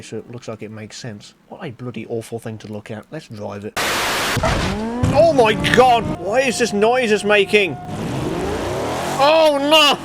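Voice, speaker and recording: A man giving casual, exasperated gameplay commentary as a gaming channel host, often bursting into shouts and laughter at mishaps. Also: medium pitch, a little hiss or hum. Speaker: gaming YouTuber.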